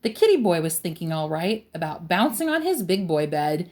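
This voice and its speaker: Expressive woman reading a picture book. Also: fairly low pitch, moderate pace, hardly any pauses. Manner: expressive, rhythmic. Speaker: storyteller.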